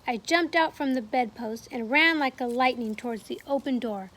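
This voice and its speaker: A woman's voice: sits high, moderate pace, fairly bright tone. A woman teacher reading a novel aloud to her class from home, in a plain, friendly way.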